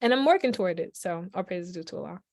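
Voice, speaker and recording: A woman's voice: lowish voice, fast, dry recording, clean studio sound. A woman from Brooklyn, chatting animatedly as a guest on a video call, full of "like" and "yo". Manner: animated, lots of "like" and "yo", laughs often. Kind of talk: casual chat on a video call.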